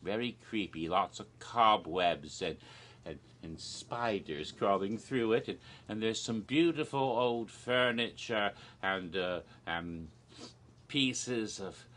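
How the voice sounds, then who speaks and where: A man joking his way through a rambling, deadpan comedic monologue, with frequent restarts. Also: on the low side, slow. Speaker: video creator. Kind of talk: comedic monologue of made-up haunted houses.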